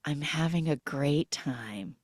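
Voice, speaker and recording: A woman quoting a battered young woman from a film with hushed, flat defiance. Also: deep voice, slow pace, breathy edge, no room sound, studio quality, exaggerated voice. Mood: defiant.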